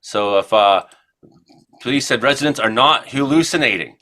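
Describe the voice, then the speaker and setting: Bright-voiced rambling Canadian radio host. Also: male voice, medium pitch, moderate pace. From Ontario, Canada. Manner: rambling storyteller, many fillers. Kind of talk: casual radio chat. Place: radio studio.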